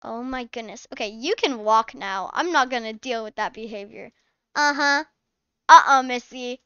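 A woman's voice: a little high, normal speed, pushed and bright, smooth, dry recording, muffled recording. A woman hosting her channel, chatting and acting as a fussing, scolding mom in a game role-play. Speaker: channel host playing a mom.

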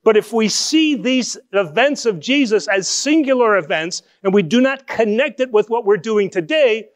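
A man with a high voice preaches a sermon in a conversational way. He poses rhetorical questions to his listeners and slows down to stress key phrases before speeding through asides. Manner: lively shifts between quick and slow emphatic phrasing. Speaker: pastor.

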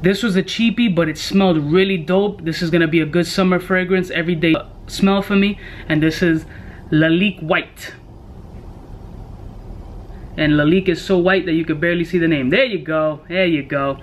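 Man, high voice, brash joking perfume reviewer, profane slang, faint room noise. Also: moderate pace. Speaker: fragrance reviewer. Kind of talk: casual product review vlog.

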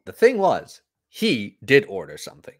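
A man's voice: mid-range voice, huge pitch swings, moderate pace. A man hosting a podcast, ranting bluntly and profanely in a casual livestream. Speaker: podcast host.

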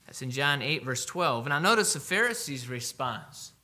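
A man preaching a sermon, emphatic, slowing down to read scripture aloud. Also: medium pitch, big pitch swings, pushed and bright.

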